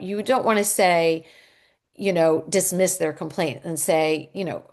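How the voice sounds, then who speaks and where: A woman's voice: lowish voice, lively intonation, normal speed. A middle-aged woman, a divorce coach, giving a workshop talk and answering questions in an earnest, reassuring way, with many ums and restarts.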